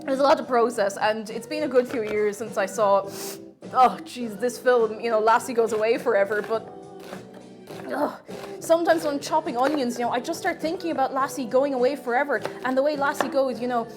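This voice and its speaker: A woman streamer chatting casually while cooking, rambling through deadpan absurd jokes. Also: on the high side, brisk, music in the background.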